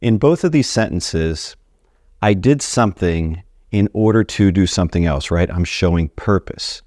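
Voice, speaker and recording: A man's voice: low voice, animated, measured pace, a little mellow, dry recording, studio quality. A man teaching a casual video lesson on Spanish grammar, chatty and friendly as he talks straight to his viewers. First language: English.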